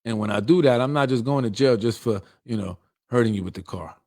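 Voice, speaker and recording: A man's voice: mid-range voice, a little fast, darkish tone. Blunt streetwise man venting. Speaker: political show host. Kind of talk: heated monologue.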